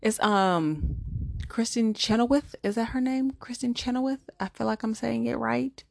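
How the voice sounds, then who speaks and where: A woman's voice: medium pitch, measured pace, vocal fry, no room sound. A middle-aged woman, chatting casually to viewers in a movie review vlog, with lots of fillers.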